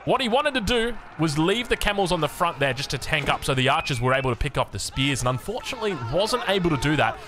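A man's voice: on the high side, fast. An Australian man giving casual strategy game commentary, joking and poking fun at himself between plays. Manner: animated, joking, self-mocking asides. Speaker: game caster.

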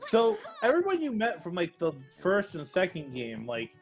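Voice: mid-range voice, huge pitch swings, moderate pace, faint music behind. A bemused co-commentator who swears casually while reacting to a let's play.

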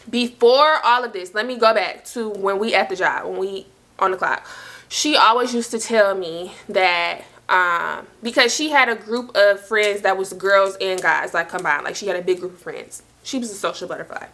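Bright-voiced fast-chatting young woman. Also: mid-range voice. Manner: chatty, slangy, talks fast and loops back with asides. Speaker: storytime vlogger. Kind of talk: casual storytelling to camera.

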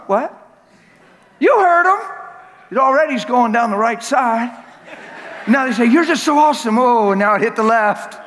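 A man's voice: very high voice, fairly bright tone. A man preaching a sermon as a pastor, impassioned and acting out little scenes and voices as he talks. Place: large church hall. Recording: long church hall reverb.

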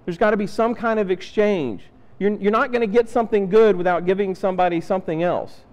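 High-voiced preacher in an echoing church. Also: male voice, brisk. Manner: conversational, acts out Bible characters' lines. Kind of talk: sermon. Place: church sanctuary. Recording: reverberant church hall.

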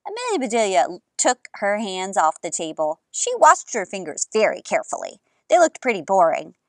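A woman telling a children's picture book story with an expressive read-aloud manner, outdoors in an orchard. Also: mid-range voice, moderate pace, creaky, no room sound, clean studio sound.

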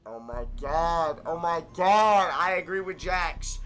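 A young man giving live commentary on his own gameplay, ranting and swearing in exasperation, swinging from shouts down to muttering. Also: fairly high pitch, expressive, takes it slowly. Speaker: gaming streamer.

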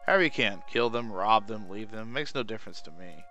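A man's voice: fairly low pitch, animated, a little fast, sharp tone, faint music behind. A man reading the lines of a sly, grim woman priestess of secrets in a raised, teasing voice. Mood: cryptic.

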